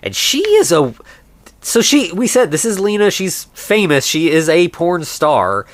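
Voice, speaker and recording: A man's voice: fairly high pitch, big pitch swings, measured pace, no room sound. A man co-hosting a podcast, casually recapping a film and acting out the characters' lines. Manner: acts out characters' lines while retelling the plot. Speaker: podcast co-host.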